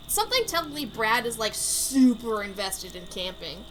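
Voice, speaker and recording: A woman's voice: on the high side, big pitch swings, normal speed, hardly any pauses, fairly bright tone, slight background noise, poor audio. A woman streamer giving chatty, giggly commentary while playing a game, talking into a desk mic. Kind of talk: let's play commentary.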